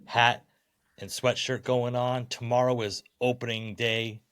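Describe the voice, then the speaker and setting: A man's voice: mid-range voice, little pitch movement, measured pace, a bit bright, clean tone, dry recording, clean studio sound. A man co-hosting a wrestling podcast, bantering casually and chuckling often. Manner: laid-back, chuckling banter. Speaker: podcast co-host.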